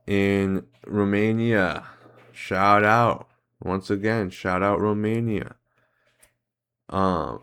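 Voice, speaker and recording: A man with a clear, resonant, lowish voice hosts a series of geography and history guessing games, offering casual commentary as he plays. He thinks aloud hesitantly, full of "um"s and self-corrections.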